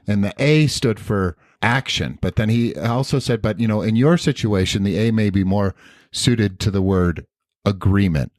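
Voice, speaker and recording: Tired man with a very low voice. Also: darkish tone, no room sound, clean studio sound. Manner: rambling, halting with restarts. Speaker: podcast co-host. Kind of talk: casual podcast conversation.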